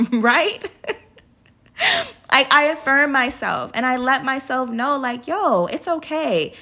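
A woman in her thirties with a slightly high voice hosts a podcast and gives a casual, motivational talk. She is chatty, laughs often and speaks straight to her listeners as y'all. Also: slow, pauses often, pushed and bright. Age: 30s. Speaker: podcast host.

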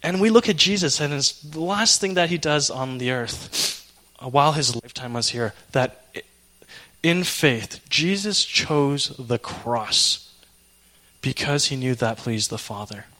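A young man preaching a sermon, telling an emotional personal story in an animated way. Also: mid-range voice, normal speed.

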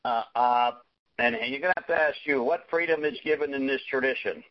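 A man sharing in a group discussion, halting, with many fillers and frequent "okay?" check-ins. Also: medium pitch. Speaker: recovery meeting participant. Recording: dull lo-fi audio.

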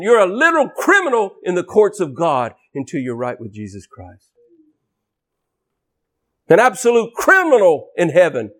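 A male preacher delivering a fiery, scolding sermon in a high voice that leaps all over the place. He drives his points hard, rising loud and then dropping low. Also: huge pitch swings, normal speed.

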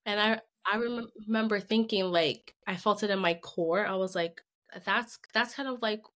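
Brief: mom podcast co-host, casual storyteller, rambly with lots of "like", acts out quotes. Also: female voice, mid-range voice, normal speed. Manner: animated, rambling, heavy use of "like", acts out quoted speech. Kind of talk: casual chat, personal storytelling.

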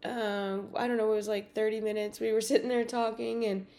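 A woman podcast host telling a personal story in a casual, animated way, with many fillers and acted-out dialogue. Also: a little high, a little fast, a little hiss or hum.

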